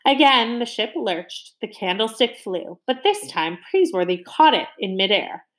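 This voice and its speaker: Woman storybook reader, animated intonation, engages young listeners. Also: medium pitch, normal speed. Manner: lively, stops to ask listeners questions. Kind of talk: reading a novel aloud to young listeners.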